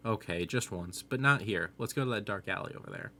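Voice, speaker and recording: A brash, sharp-tongued woman played by a man snaps back and then turns coy. He pushes his voice only slightly higher than his own low tone. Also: a little fast, slight background noise. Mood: scheming. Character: brash woman on the street, later scheming.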